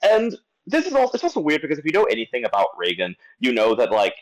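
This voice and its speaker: A man's voice: a little high, fast talker, poor audio. A man on a podcast giving an exasperated critique of a film, talking with lots of restarts and stumbles. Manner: animated, exasperated rant with many restarts. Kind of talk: casual podcast discussion.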